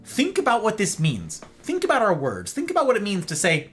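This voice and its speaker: An American man hosting a livestream monologue, talking in an animated way and often checking in with "right?" and "okay?". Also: high-pitched, a little fast, hardly any pauses, faint music behind. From United States. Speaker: host.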